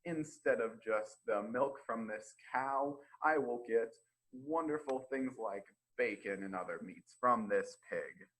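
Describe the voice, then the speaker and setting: A man's voice: mid-range voice, slow, fairly bright tone, slightly rough, poor audio. A man voicing a simple, easily pleased young man who talks to himself in delight during a children's storytime read-aloud. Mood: cheerful.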